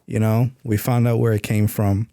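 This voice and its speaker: A man's voice: lowish voice, little pitch movement, moderate pace, mellow, no room sound. A middle-aged man, an author, telling stories in a laid-back casual interview. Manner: laid-back, acts out quoted voices in stories. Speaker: author and podcast guest.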